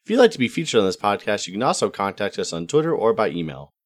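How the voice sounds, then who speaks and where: Man, podcast host, fast, animated, announcement read. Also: lowish voice. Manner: brisk, jokey announcements. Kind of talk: sponsor and housekeeping read.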